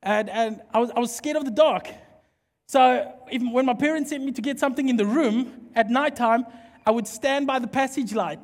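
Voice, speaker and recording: A man preaching a sermon, animated and playful as he jokes with the congregation. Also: extremely high pitch, a little fast, vocal fry. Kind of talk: sermon with humorous storytelling. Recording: long hall reverb.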